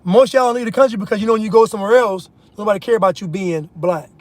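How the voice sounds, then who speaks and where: A man's voice: sits high, very fast. An American man giving an opinion monologue to his viewers from inside a car while driving, emphatic, repeating his points and calling his audience "y'all". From United States. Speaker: vlogger.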